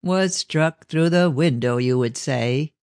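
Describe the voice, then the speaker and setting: A man reading an audiobook, voicing a stern, cold older gentleman speaking to his daughter. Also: a little high, takes it slowly, smooth, no room sound, studio quality.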